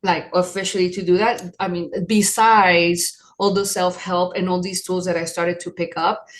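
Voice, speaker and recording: Woman about sixty from new york, lowish voice, talks slow and candid about her past. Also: flat delivery. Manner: earnest, reflective, candid. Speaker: guest. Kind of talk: personal testimony in an interview.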